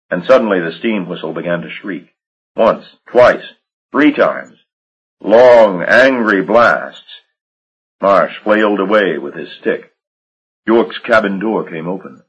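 A man giving measured, dramatic audiobook narration. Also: low voice, fairly bright tone, breathy edge, dull audio.

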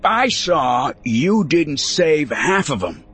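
Ulbrich, a man doing a gravelly old rancher. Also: fairly high pitch, very animated, slow pace, a bit bright, voice pushed up, full character voice. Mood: dismissive. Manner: curt and dismissive. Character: gruff stubborn old rancher, seventy-five.

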